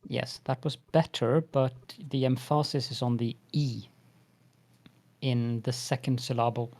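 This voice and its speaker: A man's voice: mid-range voice, steady tone, unhurried, a little mellow, dry recording. A man from Norway, chatting dryly and patiently in a game voice chat. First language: Norwegian. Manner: dry, patient, coaching pronunciation. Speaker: guest in voice chat. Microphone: voice chat mic.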